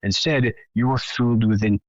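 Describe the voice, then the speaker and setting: A man's voice: medium pitch, steady tone, normal speed, no room sound, muffled recording. A man narrating a tabletop game as game master, in a dramatic, rambling way.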